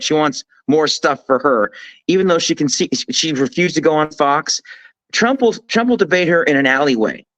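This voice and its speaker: A man's voice: a little high, dry recording, poor audio. Emphatic man on a political talk show. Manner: emphatic, animated storytelling with restarts. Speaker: guest commentator.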